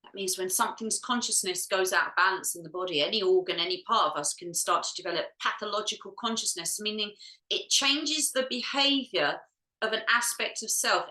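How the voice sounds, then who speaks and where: Bright-sounding woman doing a healing session, soft and musing, kinda teary, echoey room. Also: mid-range voice. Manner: soft, musing, talks to herself while checking. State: close to tears. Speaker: energy healer.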